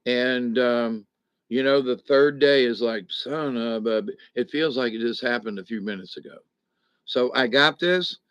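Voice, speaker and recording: A man's voice: mid-range voice, a little slow, a bit bright, smooth, no echo, highs cut off. A middle-aged man, recovering at home from back surgery, chatting casually and rambling to his viewers. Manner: rambling, folksy, chuckles between thoughts. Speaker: vlogger talking to viewers. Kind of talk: casual live chat to viewers. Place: home, indoors.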